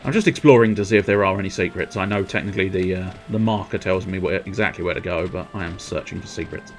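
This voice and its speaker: A man's voice: low-pitched, quick pace, slight background noise. A man casually commenting on his gameplay on a livestream, rambling and playful, humming tunelessly and swearing now and then.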